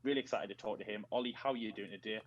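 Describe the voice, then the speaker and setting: A man's voice: lowish voice, rapid-fire, muffled recording. A man with a Northeast English accent hosting a casual group video call, joking and rambling through introductions. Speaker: host.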